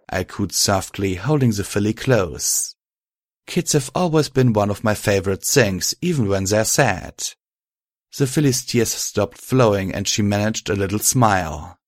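A man narrating a first-person story in a calm, even manner. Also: lowish voice, moderate pace, no room sound, studio quality.

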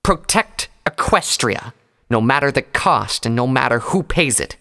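A man's voice: mid-range voice, moderate pace, fairly bright tone, close to an everyday voice. A man voicing a condemned female unicorn warrior who speaks coldly and derisively. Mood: scornful. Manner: cold, derisive, growling. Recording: long hall reverb.

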